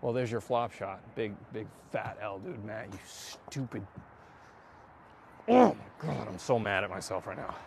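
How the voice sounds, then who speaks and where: A man chatting casually to viewers while hitting golf balls, excitable and self-mocking, swearing often and breaking into loud outbursts. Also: lowish voice, normal speed, hardly any pauses, a little hiss or hum. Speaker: golf vlogger. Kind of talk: casual range-session chat to viewers.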